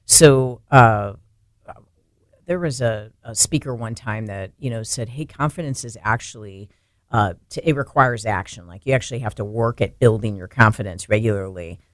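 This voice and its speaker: A woman's voice: very deep voice, normal speed, no room sound, studio quality. Earnest woman co-host. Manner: earnest, rising to emphatic exclaims. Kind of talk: faith podcast conversation.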